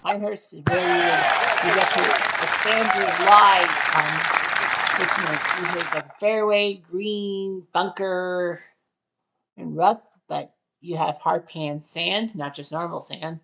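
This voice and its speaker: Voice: medium pitch, steady tone, takes it slowly, creaky. A commentator calling shots in a golf game casually, blurting out reactions and the odd swear. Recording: loud crowd and game noise behind the voice. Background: loud crowd and game sound effects.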